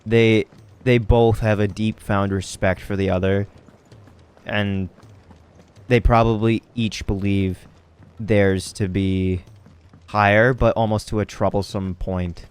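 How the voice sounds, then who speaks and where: Man, american accent, gaming commentary, casual, smooth lowish voice. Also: level tone, takes it slowly. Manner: casual, laughing. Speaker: game streamer. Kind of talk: let's play commentary.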